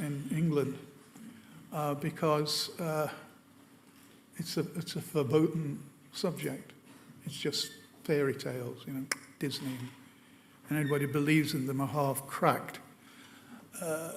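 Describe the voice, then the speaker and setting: A man's voice: fairly high pitch, in a large hall. A man giving an illustrated presentation to an audience. He tells wry anecdotes and often hesitates with fillers. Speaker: lecturer.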